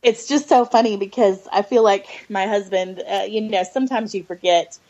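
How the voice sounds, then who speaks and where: A woman's voice: mid-range voice, normal speed, darkish tone. A middle-aged woman guest telling a heartfelt faith story in an earnest, hesitant way, full of fillers and near tears. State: close to tears. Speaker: podcast guest, adoptive mother. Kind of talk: personal faith testimony. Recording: dull lo-fi audio.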